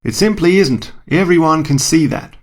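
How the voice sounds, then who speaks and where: A man voicing an accusing flat-earth believer with a put-on accent, husky and gravelly. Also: on the high side, moderate pace, voice pushed up. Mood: indignant. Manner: put-on accent, raised and insistent.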